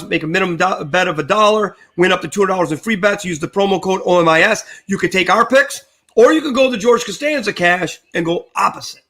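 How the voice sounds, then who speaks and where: A man's voice: sits high, pushed and bright. An older man co-hosting a sports betting show, chatting casually and joking as he recaps picks. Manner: chatty, joking, repeats punchlines.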